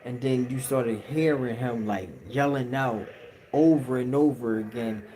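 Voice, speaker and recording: A man's voice: mid-range voice, measured pace, warm tone, slight background noise, poor audio. A man telling a story on a livestream in a casual, slang-heavy way. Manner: slang-heavy, acts out quotes. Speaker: livestream host.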